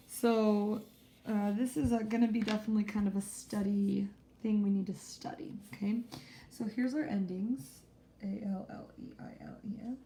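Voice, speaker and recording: A woman's voice: mid-range voice, vocal fry, warm tone, a little hiss or hum. A woman teaching a spelling lesson to a small group in a classroom, explaining patiently and stretching out example words. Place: classroom with whiteboard.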